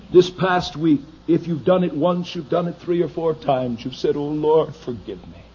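Pastor guy preaching hard in church, goes quiet then yells, muffled old tape with a little hiss. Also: fairly high pitch. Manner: swings from hushed asides to shouted pleas. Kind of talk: fiery sermon. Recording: dull lo-fi archival recording with faint noise.

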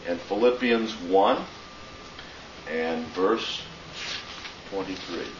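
A man teaching a theology class, speaking with deliberate emphasis and dropping in Greek phrases. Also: low voice, heavy background noise. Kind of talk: classroom lecture. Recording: muffled, roomy, distant classroom recording.

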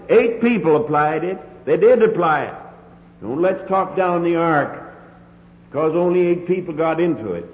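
A man preaching a sermon, earnest and emphatic, with repeated phrases, heard on an old lo-fi recording. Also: on the high side. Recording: tinny lo-fi old sermon recording, roomy hall echo.

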